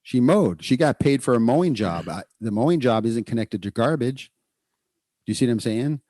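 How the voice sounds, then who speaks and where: A man hosting a podcast, explaining child behavior training in a casual, animated way and acting out what parents and kids say. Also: mid-range voice, normal speed, no echo. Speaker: podcast host, clinician.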